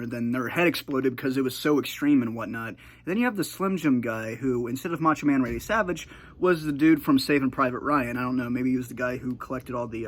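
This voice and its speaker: A man casually telling a childhood story in a rambling way, with many fillers and restarts. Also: medium pitch.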